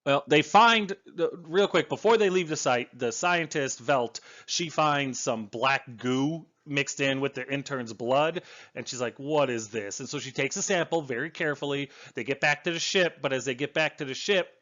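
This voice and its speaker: A man talks through a book in a casual, rambling way, full of restarts and asides. His voice sits at an ordinary middle pitch. The recording is dull and lo-fi, like a home setup. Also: moderate pace, a bit bright. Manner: enthusiastic, rambling with fillers and restarts. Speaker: book reviewer. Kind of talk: casual spoken book review.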